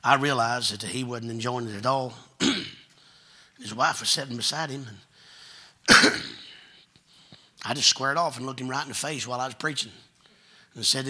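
Folksy Kentucky preacher with a husky voice. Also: male voice, medium pitch, normal speed, long pauses. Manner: folksy, joking, builds to loud preaching. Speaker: guest preacher. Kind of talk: storytelling sermon.

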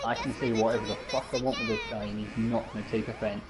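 A man with a Scottish accent, playing along on a stream, telling lively anecdotes and swearing freely. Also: fairly low pitch, fast talker, rough recording. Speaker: co-player on a stream. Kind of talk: casual chat while streaming a game. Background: game music.

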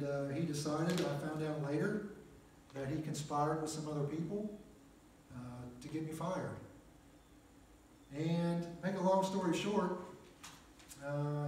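A man's voice: on the high side, darkish tone, a little hiss or hum. A middle-aged man preaching a personal testimony in a small chapel, in a plainspoken storytelling way with frequent "uh"s. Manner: plainspoken storyteller, many "uh" and "make a long story short". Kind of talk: testimony sermon. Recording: echoey chapel, mic at a distance.

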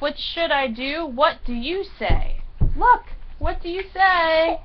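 Woman, high voice, slow sing-song picture-book reading, prompting a child, dull lo-fi home recording. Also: animated, a little hiss or hum. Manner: sing-song read-aloud, pausing for the child to supply the animal sounds. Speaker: parent reading to a small child.

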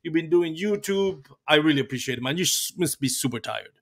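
A man's voice: fairly high pitch, animated, a little fast, a bit bright. A man hosting a fishing live show, reading sponsor notes and interviewing loosely, with "um" and "uh" fillers. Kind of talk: sponsor reads and casual interview.

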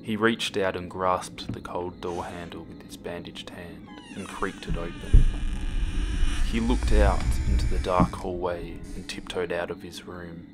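A man narrating a horror story with a steady, dramatic reading that drops to hushed moments. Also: low voice, unhurried. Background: music.

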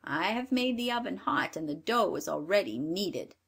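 A woman's voice: fairly low pitch, lively intonation, normal speed, creaky, husky, heavily acted. A woman reading a storybook aloud and voicing a cruel, sneering old witch with a harsh, scolding manner.

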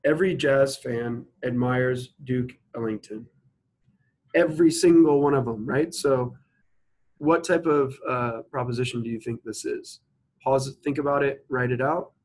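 A male instructor works through logic examples at an even pitch. He slows down to spell out each sentence and keeps asking his listeners to stop and think before he gives the answer. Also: rough recording. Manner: explains step by step, asks students to pause and think. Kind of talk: recorded logic lecture.

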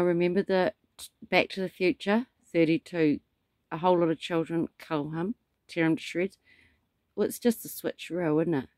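With clean studio sound and no room sound, a man from New Zealand who styles himself a prophet wanders through a spiritual monologue. His somewhat high voice carries meandering stories punctuated by dramatic asides.

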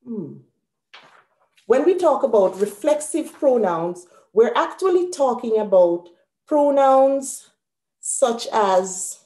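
A woman's voice: fairly high pitch, sing-song, slow pace, mellow, roomy sound. A woman teaching a live grammar lesson at a whiteboard, explaining patiently step by step and correcting herself aloud. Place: room with a whiteboard.

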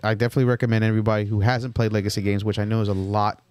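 A man co-hosting a podcast in casual board game chat, animated and telling stories by acting out how players react. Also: fairly low pitch, rapid-fire, dry recording. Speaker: podcast co-host.

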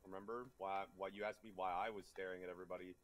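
A man playing a game with a friend, chatting casually, joking and breaking into goofy shouted bits. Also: low-pitched, level tone, fast talker. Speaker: co-player. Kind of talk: casual gaming chat.

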